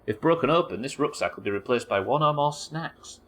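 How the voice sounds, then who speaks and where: Streaming a game live, he keeps up a sweary running chat with his viewers while he plays. His voice is mid-range with lively intonation, and he talks a little fast.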